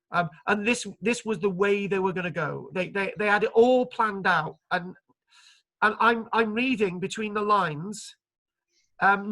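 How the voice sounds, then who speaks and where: A man delivers an online archaeology lecture with a bright, clear-toned voice. He talks in an animated, joking way, full of fillers and restarts. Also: high-pitched.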